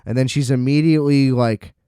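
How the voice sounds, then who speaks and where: A man's voice: medium pitch, fairly even intonation, fairly quick, warm tone, clear, resonant tone, dry recording, clean studio sound. A man hosting a podcast, ranting sarcastically about a film, exasperated and laughing often. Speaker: podcast host. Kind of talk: casual rant review.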